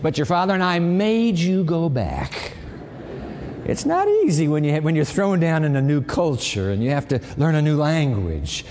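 A man preaching a sermon on a campus, talking to students in a conversational way that swings from loud to quiet. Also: a little high, sing-song, moderate pace, slight background noise. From raised partly in Japan. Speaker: campus pastor. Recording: long hall reverb.

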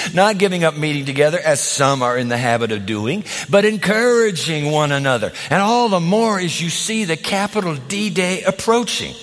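A man preaching a sermon, dramatic, acting out voices and swinging between loud and soft. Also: fairly high pitch. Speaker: pastor. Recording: reverberant hall.

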